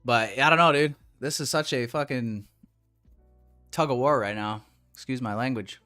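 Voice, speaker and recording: A man's voice: medium pitch, moderate pace, pushed and bright, soft background music. A young man hosting a trading livestream, ranting casually and profanely at his chat with big swings in energy.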